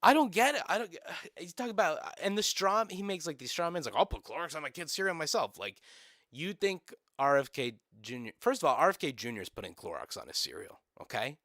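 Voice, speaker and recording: A man's voice: a little high, sing-song, fairly quick, fairly bright tone, dry recording, clean studio sound. A young man streaming live, ranting casually with sarcasm and swearing, laughing often.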